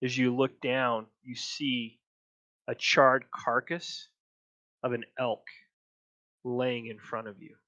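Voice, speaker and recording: A man acting as game master for a tabletop game, narrating scenes very slowly. His voice is bright and tense, coming over a dull, lo-fi chat line that sounds dry. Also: medium pitch, level tone, dry recording. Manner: slow, descriptive narration.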